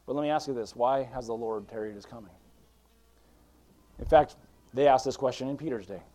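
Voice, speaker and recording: A man preaching a sermon as pastor, pleading and fervent, quoting scripture, with frequent restarts and fillers. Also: medium pitch. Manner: pleading, swings from hushed to loud fervent preaching.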